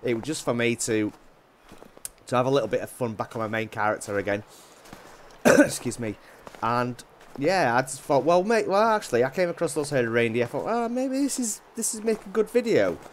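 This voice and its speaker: A man with a Yorkshire accent chatting casually while playing a hunting game, rambling with restarts and often dropping his voice low. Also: moderate pace, a little hiss or hum. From Yorkshire, England. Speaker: gaming YouTuber. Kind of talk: casual gameplay commentary.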